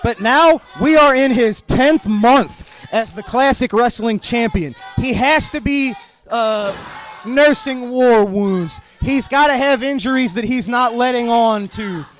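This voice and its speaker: Excitable high-voiced wrestling announcer man. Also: slow, soft background music. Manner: excited, often shouting calls. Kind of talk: live wrestling commentary.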